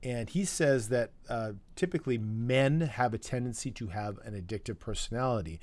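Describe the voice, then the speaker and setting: Man, podcast co-host, casual chat, playful, jokey, mid-pitched voice. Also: normal speed, darkish tone. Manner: playful, drifts into joking put-on voices.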